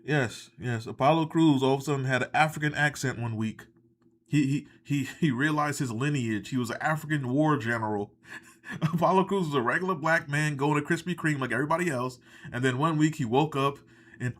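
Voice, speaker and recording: A man's voice: fairly high pitch, fairly quick, a bit bright. A man hosting a live reaction stream, ranting in casual, sarcastic and profane commentary, audibly exasperated.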